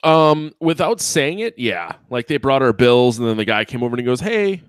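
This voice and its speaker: A man's voice: mid-range voice, lively intonation, brisk, smooth, no room sound. A man co-hosting a podcast, teasing his friend with dry, crude jokes in casual banter. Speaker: podcast co-host.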